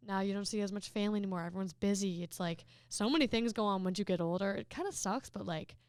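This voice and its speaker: A woman's voice: mid-range voice, fast talker, darkish tone, clean tone, no room sound, clean studio sound. A young woman co-hosting a podcast, talking in a rambling, reflective way with many fillers. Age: young adult. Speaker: podcast co-host. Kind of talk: casual chat.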